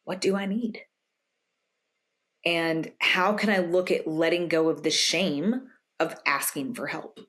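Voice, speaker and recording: A young adult woman, a coach guest on a podcast, explaining in casual conversation and acting out quoted remarks with sudden jumps in pitch. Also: slow, long pauses. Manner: animated, acts out quoted lines in a raised pitch. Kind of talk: conversational interview answers.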